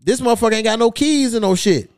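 A man's voice: very high voice, fast talker. A podcast host telling a long, profane story in casual chat, acting out the people he quotes. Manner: profane, acts out quoted voices.

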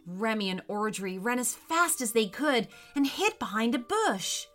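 A woman reading a children's story aloud, slowly and expressively. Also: soft background music. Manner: slow, expressive reading with lively pitch.

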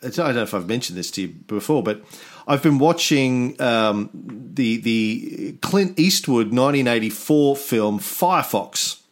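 A man's voice: mid-range voice, expressive, measured pace. Rambling, laid-back male podcast host. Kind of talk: casual chat.

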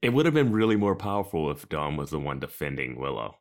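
Very deep-voiced man giving sarcastic takes. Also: very animated, quick pace. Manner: sarcastic, opinionated, trails off softly. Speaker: podcast co-host. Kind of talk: casual chat, opinionated commentary.

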